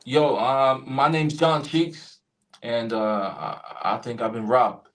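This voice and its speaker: A man voicing an annoyed American lottery winner who thinks he was robbed, in rough slangy talk. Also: medium pitch, steady tone, takes it slowly, pitched below the performer's own voice, lightly acted. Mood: aggrieved.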